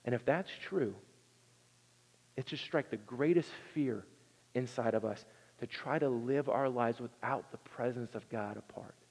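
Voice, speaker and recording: A man preaching a sermon, telling the story with earnest energy and swinging from loud to hushed. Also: medium pitch, measured pace, husky. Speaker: pastor. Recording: long reverb in a large hall.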